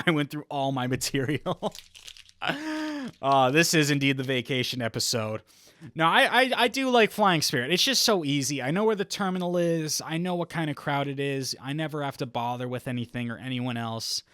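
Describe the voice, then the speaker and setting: A young man hosting a comedy podcast alone, riffing in a rambling, deadpan way and laughing at his own lines. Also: mid-range voice, moderate pace, clear, resonant tone, dry recording, clean studio sound. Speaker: podcast host. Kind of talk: comedic solo podcast monologue.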